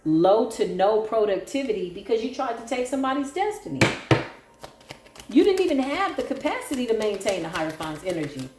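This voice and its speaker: A woman's voice: fairly high pitch, very animated, a little fast, a little mellow. A woman giving a solo tarot reading, sassy, sarcastic and preachy. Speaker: tarot reader. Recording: echoey room with faint music.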